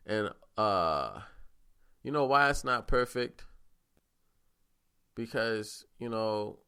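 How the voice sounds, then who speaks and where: A man's voice: fairly low pitch, measured pace, pauses often, pushed and bright, clear, resonant tone, no room sound, clean studio sound. A man hosting a podcast, telling stories in a rambling, profane, casual monologue. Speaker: podcast host.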